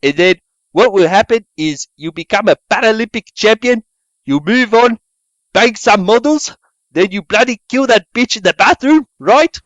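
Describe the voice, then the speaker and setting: A scolding mother with a thick put-on South African accent, as a man plays her in a comedy podcast. She nags in a crude, exaggerated way, her voice pitched higher than the performer's own. The sound is dry, with no room echo. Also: lively intonation, moderate pace, close to an everyday voice.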